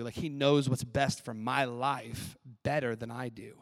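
A man who is a professor preaching a chapel sermon in an animated, playful way. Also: mid-range voice, normal speed. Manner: animated, playful, acts out skits with laughs. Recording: long hall reverb.

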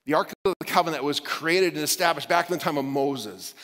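A man's voice: fairly high pitch, brisk, a bit bright. A man preaching a sermon as a pastor, conversational, with light humor and frequent restarts. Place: church sanctuary. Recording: long reverb of a church hall.

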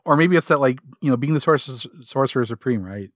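A man's voice: mid-range voice, lively intonation, fast, no room sound, clean studio sound. A man co-hosting a comic book podcast, chatting casually and rambling with many fillers and restarts. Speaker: podcast co-host. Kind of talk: casual chat.

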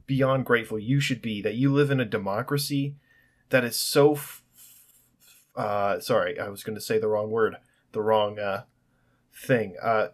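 A young man ranting alone on his podcast, sarcastic and profane, rambling with restarts. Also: mid-range voice. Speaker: podcast host. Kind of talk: solo podcast rant.

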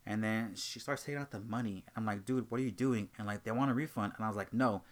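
A man's voice: lowish voice, fast. Young man ranting about a job. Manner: animated, acts out both sides of arguments. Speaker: host. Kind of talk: casual storytelling rant.

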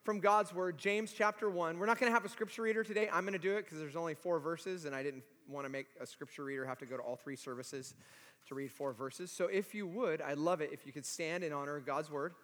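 A man in his forties, a pastor preaching a sermon with animated, humorous storytelling, in a church. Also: a little high, fast. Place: church sanctuary. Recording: long reverb of a large hall.

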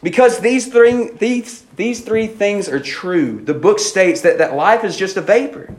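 A man preaching a casual, conversational youth sermon, full of "like" and "man" and quick restarts. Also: high-pitched, animated. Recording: roomy echo, faint room noise.

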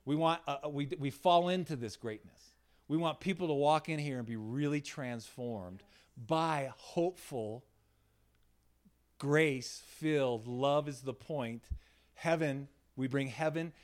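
A male pastor giving a loose, conversational sermon in a small room, voice sitting at an ordinary middle pitch. He swings between hushed asides and bursts of laughing energy, checking in with "right?" as he tells his stories. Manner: animated, laughing, frequent "right?" tag questions. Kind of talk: informal sermon with storytelling. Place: small room in a church setting.

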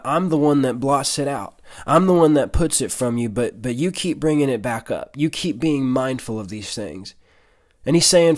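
A man hosting a podcast, explaining Bible passages in an earnest way and reading verses aloud with rising emphasis. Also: medium pitch. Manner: earnest, repeats words at starts, reads verses with rising emphasis. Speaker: podcast host teaching scripture. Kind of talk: casual Bible teaching with scripture reading.

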